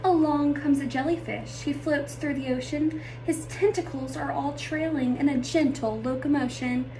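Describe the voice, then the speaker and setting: A woman's voice: sits high, fairly even intonation, normal speed, warm tone, recorded from a distance, a little hiss or hum, poor audio. A woman narrating a rhyming children's storybook aloud.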